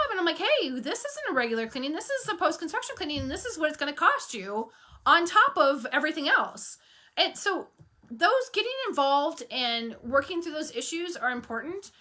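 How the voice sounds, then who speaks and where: A woman coaching on running a cleaning business, telling stories frankly and firmly, acting out bits of dialogue. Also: high voice. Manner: animated storytelling, acting out dialogue; firm and frank. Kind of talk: casual talk to camera.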